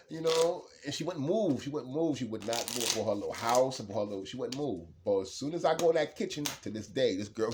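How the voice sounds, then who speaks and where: A man giving a casual, rambling tarot card reading, laughing often and swinging between low mutters and loud bursts. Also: background noise.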